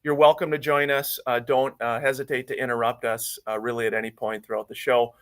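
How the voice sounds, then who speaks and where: A man hosting a live radio talk show from a studio, upbeat and often filling pauses with "uh". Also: mid-range voice, level tone. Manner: upbeat, with frequent filler "uh"s.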